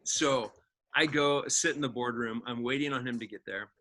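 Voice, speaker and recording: A man from Indiana sits in as a podcast guest and spins a personal story, his voice bright and forward at an ordinary middle pitch. He is an animated talker who drops into the voices of the people he quotes and leans on casual fillers. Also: normal speed, a little hiss or hum. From Indiana, USA.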